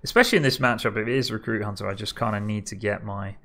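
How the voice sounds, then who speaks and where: Gravelly-voiced man thinking aloud. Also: lowish voice, rapid-fire, sharp tone. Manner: thinking aloud, frequent chuckles. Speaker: card game streamer. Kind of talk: casual gameplay commentary.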